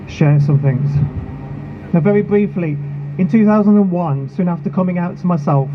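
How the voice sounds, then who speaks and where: A man delivers a measured, emotional speech at a protest in a fairly high voice. The sound is narrow and phone-like. Street noise and passing vehicles run clearly under his words. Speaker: charity founder speaking at a protest. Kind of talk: prepared speech at an outdoor rally.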